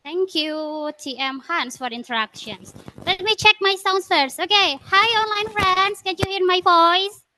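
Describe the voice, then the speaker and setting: A woman's voice: very high voice, measured pace, sharp tone, slight background noise, rough recording. A woman giving a prepared club speech over a video call, chatty and asking the audience questions.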